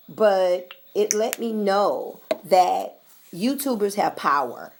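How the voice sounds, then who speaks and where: A woman's voice: lowish voice, unhurried, creaky, a little mellow, a little hiss or hum. An American woman vlogger talking straight to her viewers, blunt and sassy, swearing freely. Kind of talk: casual straight-talk vlog.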